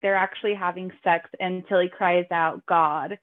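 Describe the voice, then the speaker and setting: A woman's voice: fairly low pitch, little pitch movement, normal speed. A woman in a casual book-club chat, enthusiastic and agreeable. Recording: dry, tinny phone-like line.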